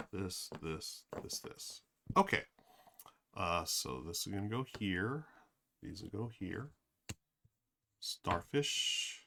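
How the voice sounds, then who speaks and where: Deep, bright, and forceful, a man's voice narrates his board game stream, thinking out loud with plenty of fillers and addressing chat directly. It's casual live commentary with slight background noise.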